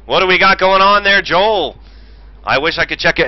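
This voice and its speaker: A man's voice: high voice, moderate pace. Brash, profane racing commentator man. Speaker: sim racing commentator and streamer. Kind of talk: off-the-cuff race commentary. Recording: muffled stream audio with loud engine noise. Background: racing game engine noise.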